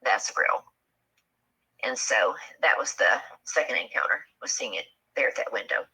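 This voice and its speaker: A woman with a husky voice, recounting a personal story in a hushed way that often drops to a whisper. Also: very deep voice, lively intonation, normal speed, poor audio. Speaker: guest telling an encounter.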